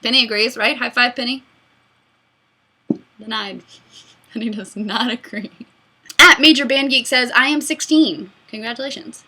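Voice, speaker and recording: A woman in her mid-twenties hosting a casual fan Q&A, excitable and giggly, rambling between answers. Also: on the high side, normal speed, pauses often. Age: mid-20s. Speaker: YouTube host answering fan questions. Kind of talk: casual Q&A chat.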